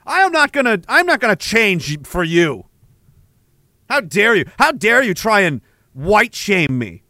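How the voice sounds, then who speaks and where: A man's voice: sits high, very animated, measured pace, sharp tone, no room sound. A man streaming and reading chat aloud, joking, profane and mock-indignant. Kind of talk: casual chat.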